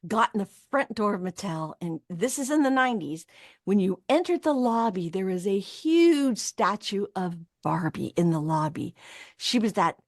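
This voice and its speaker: Lively storytelling woman, dry sound. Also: medium pitch, moderate pace, dry recording. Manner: lively, acts out the voices of people in her story, laughs often. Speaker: voice actress, guest. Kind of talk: animated storytelling in an interview.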